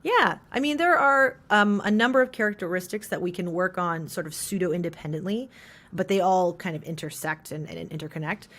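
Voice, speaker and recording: A trans non-binary voice teacher in an interview, explaining how voices are shaped and demonstrating pitch and resonance shifts. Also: a little fast, fairly bright tone.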